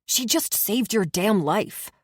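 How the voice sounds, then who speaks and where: A woman's voice: mid-range voice, animated, takes it slowly, breathy edge, dry recording, studio quality, pitched above the performer's own voice. A woman voicing a blunt, protective young man who speaks sharply. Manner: blunt, snappish.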